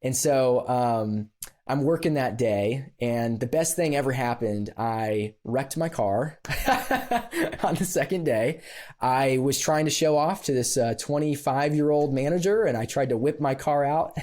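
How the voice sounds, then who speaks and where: A man guest on a podcast, telling a personal story in a casual, animated way with frequent laughs and fillers. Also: medium pitch, a little slow.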